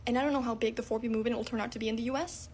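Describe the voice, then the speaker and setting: Measured woman, slightly high voice. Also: steady tone, a little mellow, a little hiss or hum. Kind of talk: commentary to camera.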